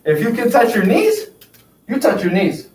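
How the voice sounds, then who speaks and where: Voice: mid-range voice, huge pitch swings, normal speed, a little mellow. A yoga instructor leading an exercise class, counting out repetitions and encouraging everyone as they go. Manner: counting out reps, upbeat encouragement. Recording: echoey room, distant mic, faint noise.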